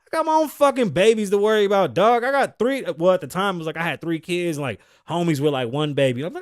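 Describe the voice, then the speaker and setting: Brash, high-voiced man ranting. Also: animated, quick pace, hardly any pauses, no room sound, clean studio sound. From United States. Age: 30s. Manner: profane, brash, opinionated. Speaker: podcast host. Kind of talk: solo comedic rant.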